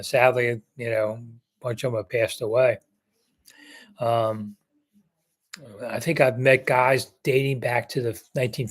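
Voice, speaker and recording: A man in his sixties, a sports reporter hosting a casual live chat, answering viewers in a blunt, rambling way with stories and fillers. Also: medium pitch. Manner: rambling, blunt, anecdote-telling with frequent fillers. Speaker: sports reporter and show host.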